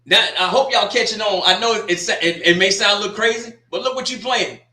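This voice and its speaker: A man's voice: high-pitched, fairly quick, bright, forceful tone, roomy sound. A man hosting a sports talk show, rambling through a casual opinion monologue with folksy asides.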